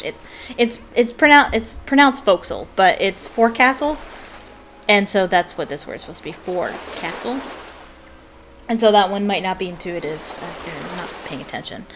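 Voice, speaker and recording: A woman's voice: mid-range voice, a little hiss or hum. A young woman casually commenting on a puzzle game, musing aloud and hesitant, with many fillers. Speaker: let's play gamer.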